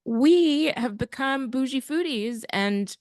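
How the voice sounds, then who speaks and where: A woman's voice: sits high, expressive, slow, darkish tone, dry recording, studio quality. Wry, joking woman podcast co-host. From American Midwest. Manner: wry, joking, playful reactions. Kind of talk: casual chat.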